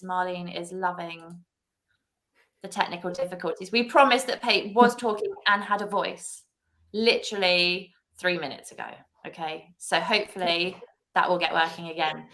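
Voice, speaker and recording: A woman's voice: fairly low pitch, fairly bright tone. A woman hosting a casual church livestream chat, bubbly and laughing often. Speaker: host. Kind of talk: casual live-stream chat.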